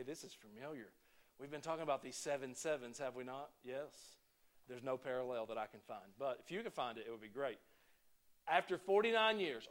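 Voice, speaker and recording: A man preaching a sermon to his congregation, talking in a conversational way that swings between emphatic points and quiet asides. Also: high voice. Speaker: pastor.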